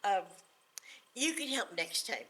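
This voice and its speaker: A woman voicing a tired, patient mother who explains things slowly and simply to her foolish son. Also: mid-range voice, big pitch swings, sharp tone, exaggerated voice, rough recording.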